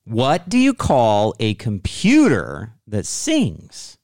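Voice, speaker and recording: Lively-voiced man co-hosting a playful chat. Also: medium pitch, no echo, clean studio sound. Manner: playful, quick bursts of excited talk. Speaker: podcast co-host. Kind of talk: casual chat.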